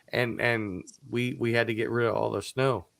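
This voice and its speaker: A man's voice: medium pitch, steady tone, unhurried, vocal fry, dry recording. A man chats with friends online and drops dry wisecracks. His voice sits in an ordinary middle range. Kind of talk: casual group chat.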